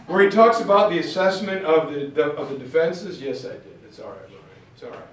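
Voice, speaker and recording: A male teacher tells a history story to his class in a loose, chatty way. His voice sits a bit high. The classroom echoes heavily and he is far from the mic. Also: a little fast. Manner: casual, chatty, animated.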